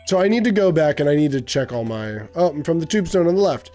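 A man's voice: on the high side, lively intonation, quick pace, mellow, soft background music. A young man giving casual let's-play commentary, thinking aloud and stumbling over game words. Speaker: gaming video creator.

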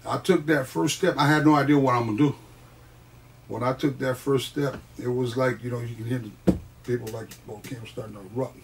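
A man telling stories from his wrestling career in a casual interview, animated and often laughing. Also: medium pitch, a little fast, vocal fry, distant mic, a little hiss or hum. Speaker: guest, wrestler.

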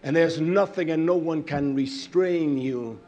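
A man preaching a sermon, repeating phrases for emphasis and swinging between loud outbursts and low muttering, with a scornful edge. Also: a little slow.

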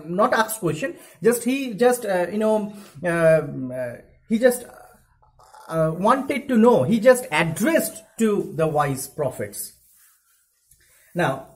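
In a poor-quality recording, a male English teacher with an Indian accent and a high-sitting voice reads a passage of a story aloud. He then paraphrases it for his students with frequent fillers, explaining the literature text in a recorded lesson.

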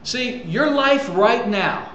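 Pastor, male, higher-pitched voice, emphatic conversational sermon delivery, reverberant church room. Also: lively intonation, takes it slowly, fairly bright tone, muffled recording, slight background noise. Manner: emphatic, conversational preaching with rhetorical questions. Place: church sanctuary.

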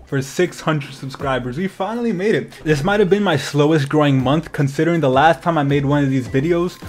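A man's voice: on the high side, fairly quick. Young man, slightly slurred casual speech. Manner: slightly slurred speech from braces just removed; casual, filler-heavy rambling. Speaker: channel owner. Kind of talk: casual vlog thank-you.

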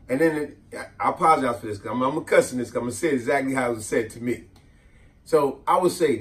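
A man tells funny stories from his childhood in a casual, animated way. His voice swings up and down a lot, and he sits a little back from the mic. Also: medium pitch, quick pace, recorded from a distance. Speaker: vlogger. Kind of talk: comedic storytelling. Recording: voice a bit off-mic.

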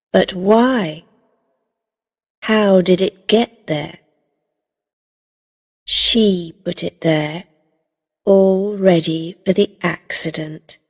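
A shrewd, cunning woman from a graded storybook, read by a woman narrator, measured and knowing. Her voice sits low, slow and husky, with a long reverb. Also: a little mellow, heavily acted.

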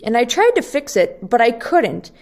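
A woman's voice: fairly high pitch, very animated. A woman playing a rambling, upset little boy. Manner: rushed, breathless run-on complaining. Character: upset little boy rattling off his woes. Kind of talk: children's book read-aloud.

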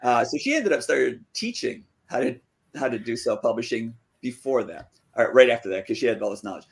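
A man's voice: fairly quick, creaky. Male author telling his story animatedly. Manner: lively, acts out quoted dialogue with pitch jumps. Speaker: fantasy author, interview guest. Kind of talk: casual storytelling.

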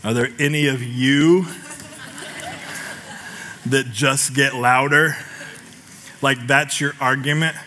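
A middle-aged American man preaching a lively, joking sermon that builds to shouts. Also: mid-range voice, slow, pauses often, slight background noise. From United States. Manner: animated, jokey, shouts scripture cries. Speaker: pastor.

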